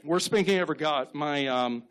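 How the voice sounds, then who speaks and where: A man in his thirties doing stand-up on a club stage, telling deadpan stories and acting out short quotes. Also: fairly high pitch, smooth. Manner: deadpan storytelling with quick acted-out quotes. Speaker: stand-up comedian. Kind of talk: stand-up set.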